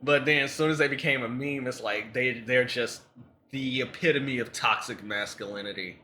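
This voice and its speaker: A man co-hosting a casual podcast, joking around in a relaxed, profane way. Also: medium pitch, moderate pace, slight background noise. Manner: joking, does bad mock accents. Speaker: podcast co-host. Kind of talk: casual chat.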